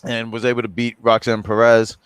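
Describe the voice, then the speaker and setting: A man's voice: medium pitch, completely flat delivery, a little fast, clear, resonant tone, dry recording. A man co-hosting a casual online chat, rambling with many fillers and restarts. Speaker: co-host.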